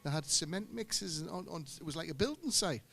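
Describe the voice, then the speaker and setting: A middle-aged singer-guitarist telling rambling, joking stories between songs at a live gig. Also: male voice, a little high, animated, fairly quick, gravelly, a bit bright. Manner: joking, anecdotal storyteller. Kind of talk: rambling stage banter. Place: live music venue on stage. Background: guitar music.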